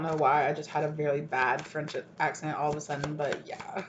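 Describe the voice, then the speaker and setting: Deep-voiced woman tarot reader, gushing, rambling delivery, muffled home recording. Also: steady tone, brisk, few pauses. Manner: rambling, gushing, often asks "right?". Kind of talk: channeled collective tarot reading. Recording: dull lo-fi recording, faint hiss.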